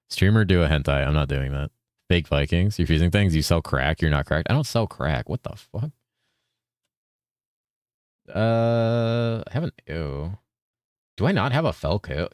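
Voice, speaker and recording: Deep-voiced laid-back streamer man from California. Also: a little mellow, no echo, studio quality. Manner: laid-back, swears often, says dude constantly, reads chat aloud. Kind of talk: casual gaming stream chat.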